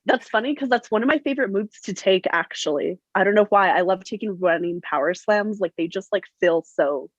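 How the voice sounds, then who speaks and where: A woman's voice: medium pitch, brisk, few pauses, no echo. A young woman wrestler from New Mexico chatting casually in an interview, upbeat and laughing often. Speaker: professional wrestler, guest. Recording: dull, muffled lo-fi sound.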